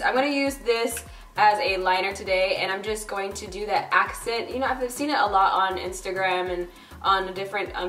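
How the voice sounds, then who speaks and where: A woman's voice: medium pitch, a bit bright, distant mic. Chatty young woman doing a makeup tutorial. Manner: chatty, bubbly, lots of "like" and "um". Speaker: beauty vlogger. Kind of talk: casual makeup tutorial talk. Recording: roomy echo, a bit off-mic. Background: faint background music.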